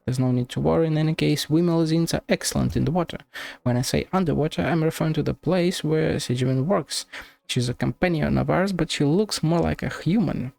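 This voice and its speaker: A man's voice: on the high side, brisk, creaky, a little mellow. A man reading aloud the lines of a small, polite female Melusine creature in a game. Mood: earnest.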